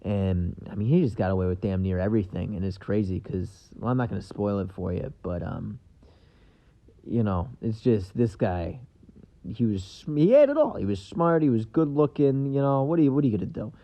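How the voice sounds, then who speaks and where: A man's voice: on the low side, normal speed, highs cut off. A man hosting his own podcast, talking in a loose, rambling way with lots of fillers and an offhand tone. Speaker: podcast host. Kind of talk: casual solo podcast monologue.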